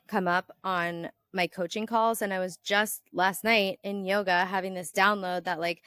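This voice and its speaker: Speaking smoothly at a moderate pace, this podcast host and health coach tells stories in a lively, casual conversation, leaning often on "like" as a filler. When she acts out quoted exchanges, her pitch and volume suddenly lift.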